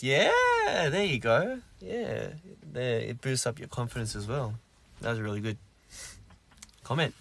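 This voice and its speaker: A young man with an Australian accent chats loosely into a close, dry microphone, reading out viewer comments as a live-stream host. He rambles in an easygoing way, restarting sentences and leaning on fillers, and his voice sits at an ordinary middle pitch. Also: lively intonation, measured pace, gravelly, a bit bright, dry recording. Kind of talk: casual live-stream chat answering comments.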